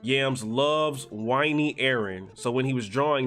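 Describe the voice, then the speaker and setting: A young man giving a profane, exasperated commentary rant, swinging from slow mutters to shouting. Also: mid-range voice, soft background music. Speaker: anime commentator. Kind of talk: ranting video commentary.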